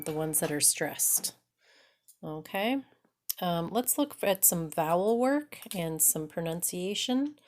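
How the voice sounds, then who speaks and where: A woman teaching pronunciation at an unhurried, deliberate pace. Her voice sits fairly low, and she often checks in with her learners. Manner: patient, slow, frequent "okay?" checks. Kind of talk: English pronunciation lesson.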